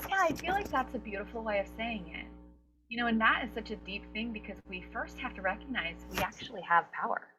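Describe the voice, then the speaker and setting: A woman being interviewed as a guest coach for actors, talking in an animated, expressive way and acting out her inner voices. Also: a little high, fast, faint music behind, poor audio. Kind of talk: summit interview conversation.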